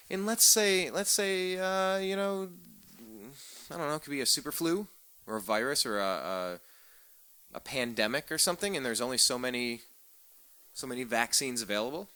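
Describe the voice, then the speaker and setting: Brief: man, radio talk host, bright edgy tone, sarcastic rant with stumbling repeats. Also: medium pitch, no echo. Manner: sarcastic, ranting, repeats words when fired up. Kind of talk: political talk radio monologue.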